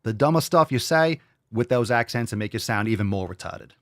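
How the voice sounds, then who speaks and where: A man's voice: mid-range voice, expressive, brisk, no room sound, clean studio sound. A man hosting a podcast, reacting to clips with crude, combative, profanity-laced rants. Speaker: podcast host.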